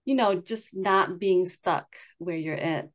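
Podcast host, woman, low-ish voice, filler-heavy, muffled lo-fi sound. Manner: halting, filler-heavy questions. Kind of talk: conversational interview. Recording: dull, lo-fi sound.

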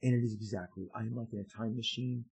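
Husky-voiced man telling an excitable story. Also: medium pitch, quick pace, poor audio. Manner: excitable, stammering restarts and repeated words. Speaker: comic book artist telling an anecdote. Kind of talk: casual storytelling to viewers.

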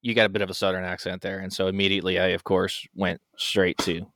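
Man, podcast co-host, low but bright voice, dry, rambly chat. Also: level tone, quick pace, no echo. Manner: rambling, chatty, self-interrupting.

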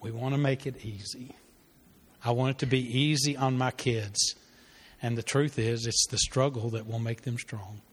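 This pastor's husky mid-range voice moves at a moderate pace with fairly even intonation. Leading a church parenting class, he gives sermon-style teaching with a story, earnest and conversational, full of fillers and restarts. The recording carries a long hall reverb.

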